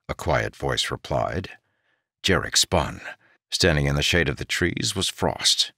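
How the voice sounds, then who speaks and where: Male audiobook narrator, deep voice, lively pitch, slow, very dry close sound. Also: gravelly, no echo. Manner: expressive, pitch rising and falling with the drama.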